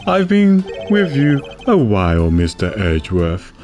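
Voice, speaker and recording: A man putting on a bumbling game detective, loyal and eager, with a dopey put-on accent. The voice dips lower than his own and swings through a lively pitch. He rambles earnestly through his lines. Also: measured pace, soft background music. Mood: eager, rambling.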